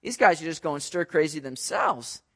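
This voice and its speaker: A man's voice: fairly high pitch, big pitch swings, moderate pace, pushed and bright, pitched below the performer's own voice, heavily acted. A man voicing an exasperated Roman army commander who keeps asking questions in disbelief. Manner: incredulous, questioning.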